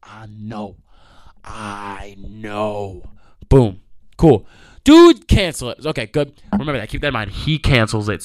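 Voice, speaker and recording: Young male vlogger, loud animated storyteller, close dry mic. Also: mid-range voice, smooth, no echo. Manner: animated, profane, acts out the people in his stories. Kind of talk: ranting storytime monologue.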